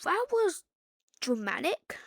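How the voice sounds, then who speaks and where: A woman hosting a reaction video, tossing off casual, deadpan comments. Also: extremely high pitch, slow, no echo, clean studio sound.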